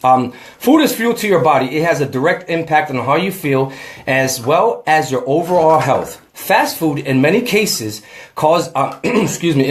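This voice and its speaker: A man's voice: on the high side, echoey room. A man in a casual home workout vlog, out of breath and chatty, talking to the camera and to a friend. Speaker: fitness vlogger.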